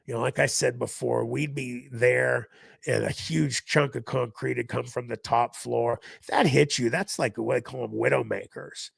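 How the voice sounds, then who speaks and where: Male podcast guest, animated storyteller, heavy vocal fry, dead dry sound. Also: mid-range voice, normal speed, no echo. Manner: animated storytelling, acting out others in raised voices. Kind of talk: recounting a personal story.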